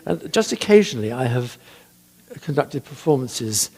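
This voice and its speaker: Older man, husky voice, composer giving a church talk, rambling anecdotes, lots of ums. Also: mid-range voice, big pitch swings, moderate pace, a little mellow. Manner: chatty, hesitant with many ums, laughs at his own stories.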